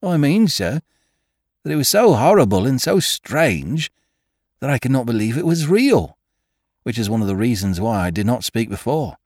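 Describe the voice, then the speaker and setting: A man with a medium-pitched, darkish voice performs in a very animated way at normal speed, voicing a nervous, deferential working-class gardener who earnestly and respectfully tells his tale to his employer, calling him sir. The mood is earnest and uneasy, and his voice is pushed up. The recording is dry, with clean studio sound.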